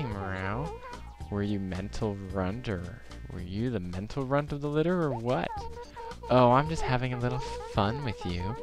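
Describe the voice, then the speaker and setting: A man doing a snooty lady cat. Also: on the low side. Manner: condescending and teasing. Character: snooty, catty female cat villager.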